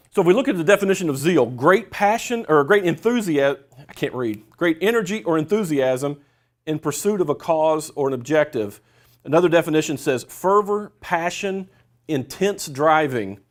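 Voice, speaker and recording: A middle-aged man, a professor giving a workshop lecture, talking conversationally with many fillers and restarts and reading quotes aloud. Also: on the high side.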